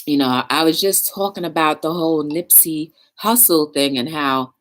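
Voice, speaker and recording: A woman's voice: low voice, moderate pace. A woman hosting a live talk show, speaking earnestly and emotionally, close to tears. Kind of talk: live stream monologue.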